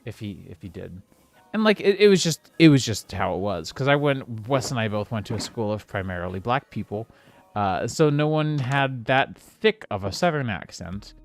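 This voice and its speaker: A man's voice: mid-range voice, lively intonation, normal speed, faint music behind. A man streaming a building game, rambling casually and now and then snapping in exasperation at the game. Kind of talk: casual gameplay commentary.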